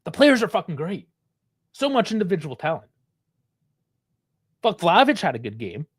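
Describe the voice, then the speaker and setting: A man with a high voice rants through a live match reaction, swearing constantly and sounding fed up. His commentary swings between terse play calls and long frustrated tirades. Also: huge pitch swings, moderate pace, slightly rough. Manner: angry, frustrated, heavy swearing.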